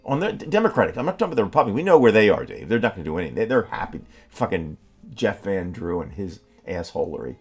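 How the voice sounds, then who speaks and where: A man co-hosting a political talk show, speaking in a heated, halting way with many restarts and curses. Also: fairly low pitch, sing-song, slightly rough, soft background music. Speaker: podcast co-host.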